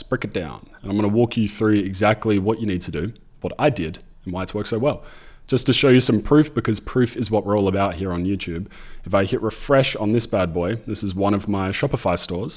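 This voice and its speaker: An upbeat young Australian man with an Australian accent, talking casually to camera about running online businesses, with a jokey, self-deprecating manner. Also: fairly low pitch. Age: 20s. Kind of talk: casual direct-to-camera talk.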